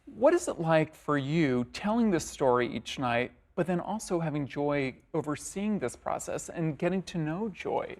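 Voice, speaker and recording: A man's voice: on the high side, expressive, normal speed, few pauses, darkish tone. A man hosting an arts interview, asking friendly, admiring questions with enthusiasm.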